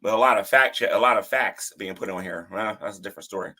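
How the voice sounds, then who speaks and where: A man's voice: lowish voice, quick pace, sharp tone. A man hosting a livestream who gives casual, defensive commentary and often repeats himself and restarts his sentences.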